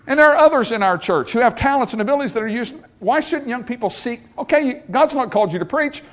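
A man's voice: very high voice, expressive, quick pace, few pauses, fairly bright tone. An older man preaching a sermon as pastor, emphatic and repetitive, driving points home with rhetorical questions.

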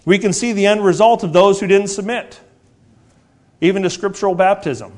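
Guy preaching a sermon, highish voice, earnest, lots of repeated questions, slows down on the big words. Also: a little mellow. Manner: earnest, repetitive, rhetorical questions, slows down for emphasis.

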